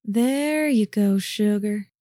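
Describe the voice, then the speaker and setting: A woman's voice: mid-range voice, takes it slowly, no echo, studio quality, natural voice. A woman playing a sultry, coaxing seductress. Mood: seductive. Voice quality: soft and sultry, calls him honey and sugar. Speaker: voice actor. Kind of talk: audio drama acting.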